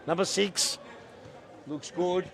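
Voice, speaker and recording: A man in his thirties with a Melbourne Australian accent, doing jokey live futsal commentary that jumps to shouts at big chances. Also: high-pitched, slow pace, gravelly. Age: 30s. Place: indoor futsal stadium.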